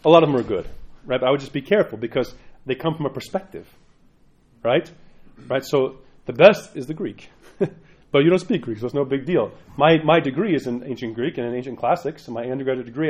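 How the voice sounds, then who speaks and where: A man's voice: mid-range voice, quick pace, darkish tone. A man, a parish priest, giving an informal sermon in a rambling, chatty way with frequent asides.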